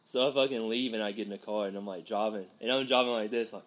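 Chatty man telling a story. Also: lowish voice. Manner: animated storyteller, quick to laugh. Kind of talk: casual chat.

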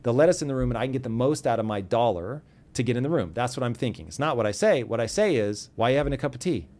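A man telling a personal story as a podcast guest, animated and earnest, acting out both sides of old arguments. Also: mid-range voice, quick pace. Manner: earnest and intense when giving advice.

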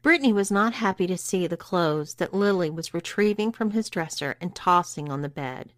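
A woman's voice: on the low side, animated, moderate pace, no echo. Woman reading a story, dry sound. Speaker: story reader. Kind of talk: scripted narration of an erotic story.

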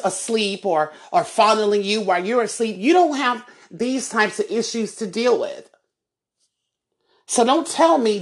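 A woman hosting a solo podcast, talking in a heated, emphatic way and often repeating words and restarting. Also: medium pitch. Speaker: podcast host.

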